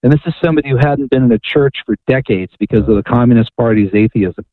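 A man's voice: mid-range voice, fast talker, no room sound. Guy on a call-in phone line, author guest, eager storyteller, dry and tinny. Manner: eager storyteller who often checks in with "right?". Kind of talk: storytelling in a radio interview.

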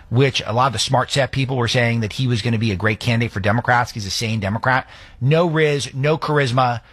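A man's voice: mid-range voice, fairly bright tone, no echo. A middle-aged man hosting talk radio, giving opinionated, conversational political commentary.

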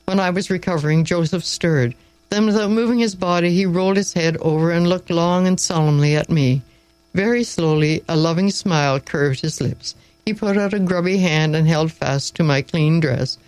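A woman reading a story aloud in a measured, wry storytelling manner. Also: on the low side, darkish tone, no room sound, faint music behind, rough recording.

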